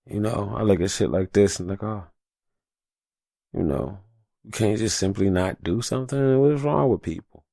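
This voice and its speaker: Low-voiced man ranting passionately. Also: normal speed, creaky, mellow, no room sound, studio quality. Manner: profane, heated and passionate rant. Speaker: podcast host. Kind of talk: solo podcast monologue.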